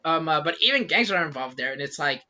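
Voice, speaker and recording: A man chatting on a podcast with a bright, animated voice that swings up and down in pitch. He laughs often, swears casually and fills his sentences with "um" and "like". The recording sounds dull and lo-fi. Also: fast talker. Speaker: podcast co-host. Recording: muffled lo-fi recording.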